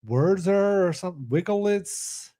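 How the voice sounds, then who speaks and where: Unhurried, laughing man co-hosting. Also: high-pitched, expressive, warm tone. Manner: laughs often, drawling. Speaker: podcast co-host. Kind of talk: casual chat.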